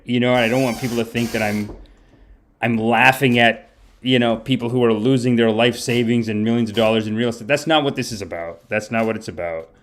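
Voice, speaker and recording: Male comedy streamer, mid-pitched, rambling mock-sermon delivery, soft music bed. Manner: rambling, mock-preachy, self-correcting. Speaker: comedy livestream host. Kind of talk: mock-guru livestream banter. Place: home streaming setup.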